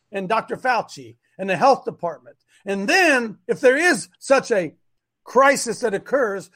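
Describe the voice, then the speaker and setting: A man's voice: sits high, fairly bright tone. A middle-aged man hosting a live online show, preaching emphatically and repeating his points. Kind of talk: fiery preacher-style live stream talk.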